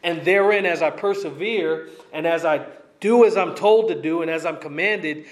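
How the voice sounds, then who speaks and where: Delivered at a moderate pace in a voice on the high side, this verse-by-verse expository sermon rings through an echoey, sanctuary-like space. The preacher raises his voice slightly and stays emphatic, hammering points by repeating key lines.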